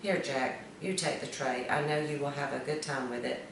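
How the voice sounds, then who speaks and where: A woman's voice: low voice, fairly even intonation, normal speed, gravelly. A woman voicing a patient, kindly mother in a children's story read aloud. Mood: coaxing. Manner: gentle, coaxing. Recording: echoey room, distant mic, noise.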